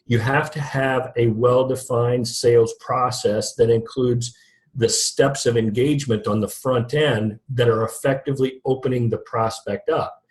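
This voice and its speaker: A man's voice: mid-range voice, steady tone, measured pace. A middle-aged man talking shop as an interview guest. He keeps it loose and conversational, restarts his sentences often, and laughs at his own jokes. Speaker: guest, lead generation company founder. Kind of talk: casual interview talk.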